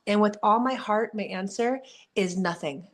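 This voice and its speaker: A woman's voice: medium pitch, normal speed. A woman in her forties, a guest athlete, answering questions in an earnest, candid motivational talk. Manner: earnest, warm-hearted, frequent "you know" and "like".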